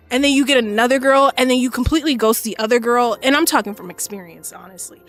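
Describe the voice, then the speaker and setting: A woman in her twenties chats on a gaming stream, slangy and profane, breaking into laughs. Her voice sits a bit high, and soft music hums behind her. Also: animated, fast talker. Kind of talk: casual gaming stream chat.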